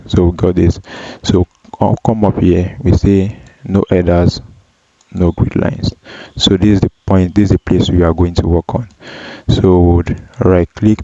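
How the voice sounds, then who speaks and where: A man teaching a data analysis tutorial, walking through each step slowly with frequent ums and self-corrections. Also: sits low, mellow, no echo. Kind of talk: screen-recorded software tutorial. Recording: dull, dry lo-fi voice track.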